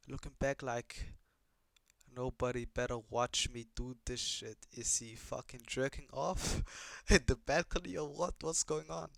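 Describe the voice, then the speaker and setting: A man's voice: mid-range voice, vocal fry, fairly bright tone, dry recording. A young man giving casual reaction commentary on an anime, swearing a lot, rambling and asking puzzled questions.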